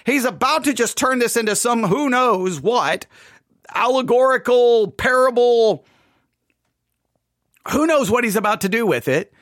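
A man's voice: very high voice, lively intonation, normal speed, few pauses, fairly bright tone, no echo, clean studio sound. A man reviewing a sermon in critical commentary, perplexed and questioning, often stammering as he restarts his thoughts. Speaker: podcast host reviewing a sermon.

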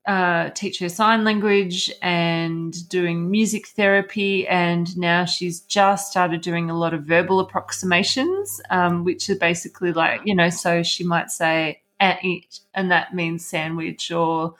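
A woman's voice: lowish voice, fairly even intonation, unhurried, few pauses, a bit bright. A woman co-hosting a casual parenting chat, talkative and laughing often. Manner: chatty, laughs often, acts out her child's words. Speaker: podcast co-host.

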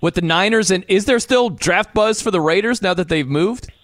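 A man's voice: high-pitched, normal speed, a bit bright, no echo. A man hosting a sports radio show, chatting casually and asking his guest long questions. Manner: conversational, asks long questions.

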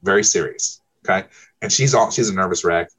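A man's voice: low-pitched, brisk, a bit bright, breathy edge. A man telling client stories as a guest, emphatic and checking in with "okay?" after his points. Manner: emphatic, peppers speech with "okay?". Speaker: insurance broker guest. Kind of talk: conversational storytelling.

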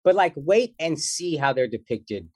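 A man who is a comedian, talking as a guest in a casual interview in an animated, joking and slangy way. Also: a little high, measured pace, husky, no echo, studio quality.

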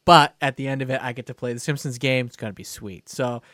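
Guy in his 30s telling a story on a podcast, gets animated and laughs a lot, dry sound. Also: medium pitch, fast, dry recording. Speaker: podcast co-host. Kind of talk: casual chat.

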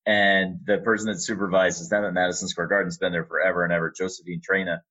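A middle-aged man, an arena announcer, telling a relaxed story with fillers in a casual interview. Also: deep voice, fast talker, highs cut off. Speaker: arena announcer and sports media relations staffer.

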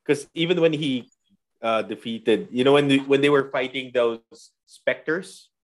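A man co-hosting a casual podcast with a mid-pitched voice. He speaks with enthusiasm and slips into little acted quotes. The delivery is chatty and animated. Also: measured pace. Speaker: podcast co-host. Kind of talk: casual chat.

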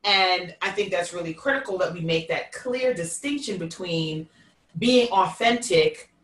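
A woman with a Queens accent hosts a casual live-streamed chat. Her voice is bright and forceful, and it sounds echoey and set back from the mic. She is expressive and folksy, and she calls her listeners "y'all.". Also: fairly low pitch, a little slow, recorded from a distance. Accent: Queens New York. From New York. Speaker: host.

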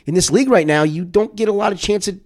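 Fast-talking male basketball analyst. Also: high-pitched. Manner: animated, thinks aloud with restarts. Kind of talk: casual sports chat.

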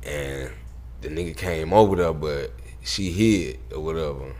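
A man telling animated, profane stories as an interview guest and acting out the people he quotes. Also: rumbling low, unhurried. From Southern United States. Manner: profane, acts out quotes in voices. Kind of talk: animated storytelling.

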